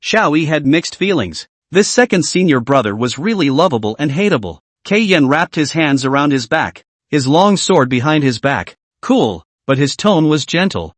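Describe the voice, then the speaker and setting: A man reading out a fantasy story recap in a brisk, animated way. His voice sits fairly high and rises and falls a lot. The recording is dry, with no room sound. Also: dry recording. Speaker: recap narrator. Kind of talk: scripted story narration.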